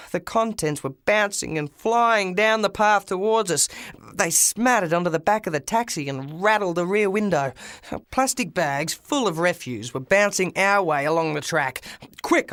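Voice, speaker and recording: Male audiobook narrator, lively first-person storytelling, slightly high voice, dry close sound. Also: no echo. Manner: lively storytelling, shouted dialogue.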